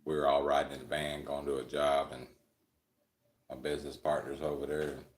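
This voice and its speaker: A man's voice: very deep voice, little pitch movement, a little fast, roomy sound. A man hosting a live stream, telling rambling, crude, joking stories and chuckling often. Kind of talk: casual storytelling chat.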